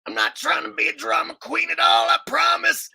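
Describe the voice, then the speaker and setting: A man doing an impression of a ranting radio host, sobbing and furious, with a high shouted voice. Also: completely flat delivery, moderate pace, creaky, exaggerated voice. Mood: sobbing rage. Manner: wailing and bellowing rant.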